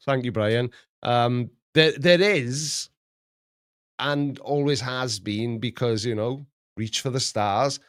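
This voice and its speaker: A man's voice: mid-range voice, takes it slowly, dry recording. Guy hosting a livestream chat, jokey, laughs a lot, dry close mic. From Wales. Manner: jokey, laughs often, reads chat aloud. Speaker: livestream host. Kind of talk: casual live chat.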